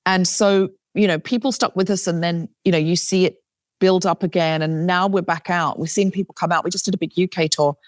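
A woman's voice: on the low side, brisk, no room sound. Chatty British-accented woman, dry sound. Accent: British with a faint Australian trace. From Australia. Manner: animated, self-deprecating, chatty. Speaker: comedian and podcast host, guest. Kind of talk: casual interview talk.

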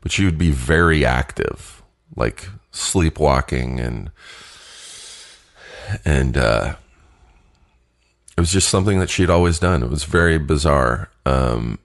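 A man with an extremely deep voice tells a personal story in a slow, unhurried way. He stops and starts, and laughs now and then between phrases. His nose is a little stuffed from allergies. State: sniffly from allergies. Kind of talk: casual spoken storytelling.

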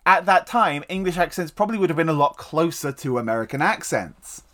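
A man co-hosting a casual chat, joking and animated, with quick quips. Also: a little high. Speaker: podcast co-host.

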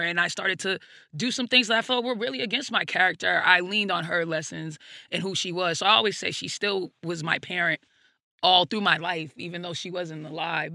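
Woman, gravelly, bright edge, frank storytelling, dry close sound. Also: fairly low pitch, no room sound. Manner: reflective, frank, peppered with "like" and "you know"; swears casually. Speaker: guest comedian. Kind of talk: candid personal storytelling in an interview.

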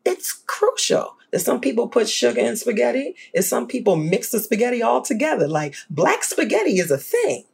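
A guest scholar from New Orleans with a New Orleans accent, talking in an animated, emphatic way in a podcast conversation. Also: fairly quick, creaky, few pauses, slightly rough. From New Orleans, USA. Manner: animated, emphatic, swings up high when excited.

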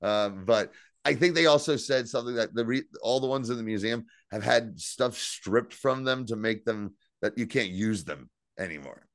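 A man co-hosting a podcast, casually and excitedly recapping scenes, swearing freely and quoting lines. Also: mid-range voice, moderate pace, no echo, clean studio sound. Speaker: podcast co-host. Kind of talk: casual chat.

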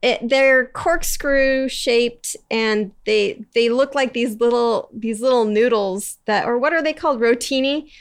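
A woman's voice: on the high side, unhurried, hardly any pauses, clean tone. A young woman from San Diego, a podcast guest, chatting casually and telling childhood stories with many fillers and restarts. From San Diego, California.

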